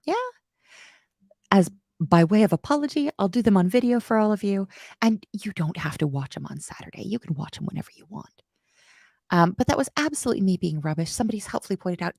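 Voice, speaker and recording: A woman leads a live coding lesson in a chatty, self-deprecating way, her pitch swinging widely as she talks. Her voice has a gravelly fry at the ends of phrases. The sound is dry and close, with no room around it. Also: very animated, normal speed, no room sound. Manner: slips into playful quoted voices and whispers. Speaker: coding instructor on a live stream.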